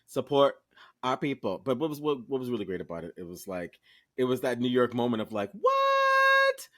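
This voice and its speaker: A man co-hosting a podcast, chatting casually and telling a lively story, talking straight to listeners and swearing freely. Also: mid-range voice, quick pace. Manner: animated storyteller who acts out quoted voices. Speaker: podcast co-host. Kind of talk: casual chat.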